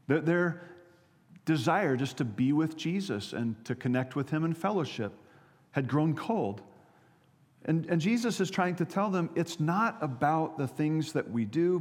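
A man's voice: fairly high pitch, big-room sound. A man preaching a sermon as pastor, earnest, often repeating and restarting his words.

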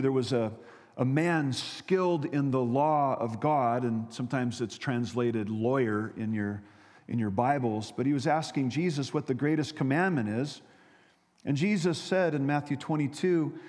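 A man's voice: mid-range voice, a little mellow. Man preaching in a reverberant hall. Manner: earnest preaching with frequent repeated words and restarts. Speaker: pastor. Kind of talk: sermon.

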